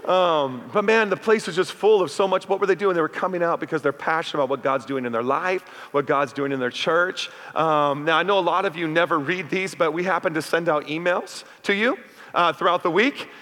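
High, bright-voiced man preaching in a hall. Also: a little fast. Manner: conversational, with call-outs to the congregation. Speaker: pastor. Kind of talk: sermon. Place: church sanctuary. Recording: reverberant hall.

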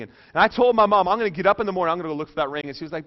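Middle-aged male preacher, storytelling sermon, lively and joking, fairly high voice, dull lo-fi sound. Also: very fast, hardly any pauses. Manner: animated, joking, drops soft and low for emotional parts. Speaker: pastor.

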